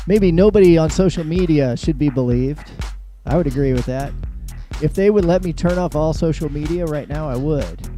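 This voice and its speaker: Sarcastic middle-aged man, mellow voice. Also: on the high side. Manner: joking, sarcastic, laughs at own jokes; mocks others with put-on quoted voices. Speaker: show host. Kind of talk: live political monologue.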